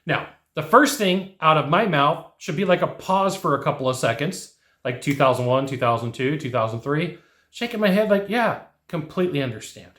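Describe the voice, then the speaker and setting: A man's voice: a little high, fairly bright tone, reverberant. A man teaching sales technique to camera in a coaching tone, repeating key points and acting out customer exchanges. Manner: coaching, repetitive, acts out customer dialogue. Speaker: sales trainer. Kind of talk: instructional talk to camera.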